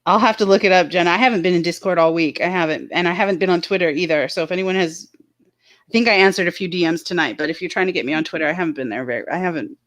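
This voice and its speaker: A woman's voice: on the low side, quick pace, a bit bright. A woman co-hosting a casual livestream chat, reading viewer comments and often dissolving into giggles. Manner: giggly, breaks into laughing fits. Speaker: co-host of a livestream chat show.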